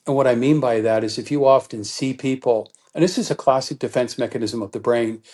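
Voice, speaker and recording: Man explaining trauma with animated gestures. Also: mid-range voice, a little fast. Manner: animated teaching, acts out quoted thoughts. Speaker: guest expert on trauma. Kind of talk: explanatory interview talk.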